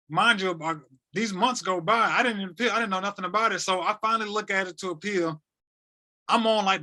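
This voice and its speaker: Bright, high-voiced young man telling a story. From North Carolina. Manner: animated, repetitive, slangy retelling. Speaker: guest. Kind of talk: casual storytelling.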